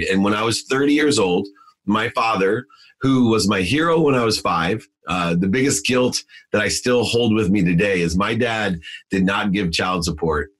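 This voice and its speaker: A middle-aged man with a fairly low voice shares a personal story as a podcast guest. His tone has a husky, breathy edge. He stresses the big moments, his voice climbing as he relives them, and he leans on fillers and restarts as he goes. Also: a bit bright, low-quality recording. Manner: emphatic, with frequent fillers and restarts; voice rises sharply when reliving moments.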